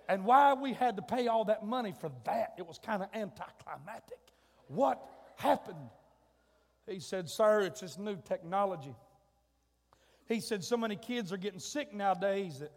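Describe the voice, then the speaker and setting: A man preaching a sermon, telling a comic family story in a folksy way, his voice rising to shouts and drawing out words for emphasis. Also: high-pitched, expressive, normal speed. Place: church sanctuary. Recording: long hall reverb.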